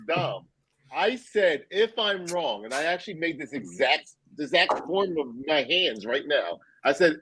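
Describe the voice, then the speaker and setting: A man on a crypto livestream, boastful and animated as he claims he called the market right. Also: a little high, normal speed, breathy edge, no room sound, low-quality recording. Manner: boastful, animated, laughing at rivals. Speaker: guest analyst. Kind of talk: casual crypto livestream chat.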